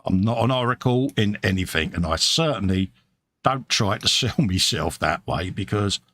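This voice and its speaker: Co-hosting a live model-building stream, a middle-aged man with a British accent assembles a kit, reads viewers' messages and chats in a self-mocking way. His voice is lowish, expressive and fairly bright, at a moderate pace, in a dry recording.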